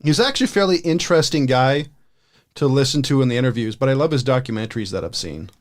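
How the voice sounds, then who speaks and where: A man's voice: medium pitch, expressive, fast. A man co-hosting a podcast in casual chat, rambling and stumbling over his sentence starts. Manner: rambling, repeats words when starting sentences. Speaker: podcast co-host.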